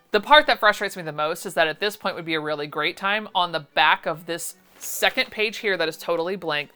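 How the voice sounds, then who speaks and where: A woman hosting a casual vlog, reviewing sewing patterns in a sarcastic, exasperated, animated way. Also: fairly low pitch, clear, resonant tone.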